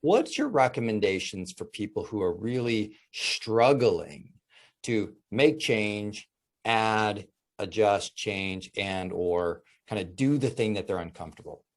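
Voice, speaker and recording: Low-voiced man asking interview questions. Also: lively intonation, slow pace. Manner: conversational, rambling questions. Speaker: interviewer and coach.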